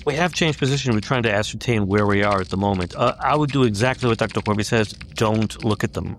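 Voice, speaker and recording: A man playing a steady starship commander. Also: lowish voice, lightly acted. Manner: measured, giving orders.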